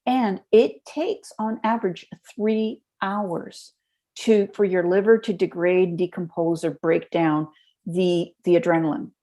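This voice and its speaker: A woman as a podcast guest, telling lively stories and explaining health tips step by step in a conversational interview. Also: lowish voice, unhurried.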